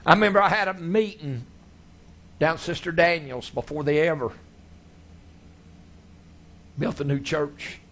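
A man preaching a sermon, telling his stories in a folksy, animated way. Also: on the high side, measured pace, long pauses. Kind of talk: sermon storytelling.

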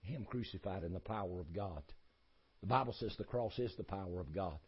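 Male preacher, husky folksy delivery, emphatic repetitive sermon cadence. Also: low-pitched, fairly quick, muffled recording.

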